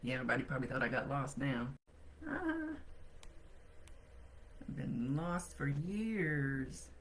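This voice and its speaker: A woman's voice: extremely low pitch, moderate pace, a little hiss or hum. A woman hosting her weekly psychic livestream from home, chatting casually in a blunt, grumbling way and swearing freely. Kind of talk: casual live-stream chat.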